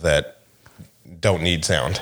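A middle-aged man co-hosting a podcast, telling animated stories in casual chat and laughing often. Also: low voice, slow pace. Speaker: podcast co-host.

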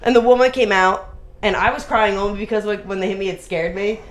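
A woman's voice: mid-range voice, fairly even intonation, brisk. A woman telling a story in casual chat among friends, rambling with lots of fillers. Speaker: podcast co-host.

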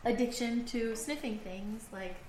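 A woman's voice: a little high, fairly even intonation, a little slow, a little mellow. A woman chatting as a player at a tabletop game, goofy and giggly. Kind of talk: casual chat among players. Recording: echoey room, faint noise.

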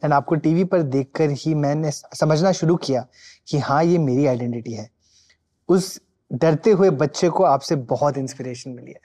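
A man's voice: fairly high pitch, very fast, dark tone. A man with an Indian accent hosting a podcast interview, effusive and mixing Hindi into English. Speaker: podcast host.

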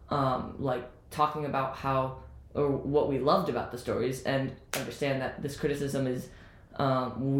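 A man's voice: medium pitch, a little hiss or hum. A man co-hosting a casual podcast chat. He talks in a hesitant way, with many ums and restarts. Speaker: podcast co-host. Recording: echoey room.

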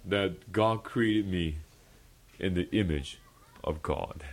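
A young man preaching at a fellowship meeting tells his own testimony in a slow, low-sitting voice. As a pastor he comes across as earnest and emphatic, repeating central phrases and laughing often.

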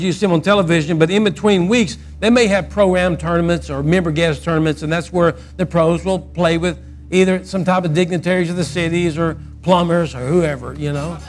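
Man, preacher, animated storytelling, loud outbursts then soft, higher voice. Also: a little fast, faint music behind. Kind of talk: sermon storytelling.

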